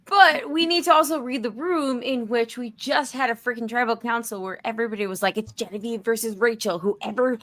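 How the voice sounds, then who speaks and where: A woman co-hosting a podcast, chatting in an animated way that is full of "like" fillers. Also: a little high, a little fast, hardly any pauses, no room sound. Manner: animated, filler-heavy with frequent "like". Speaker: podcast co-host. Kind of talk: casual chat.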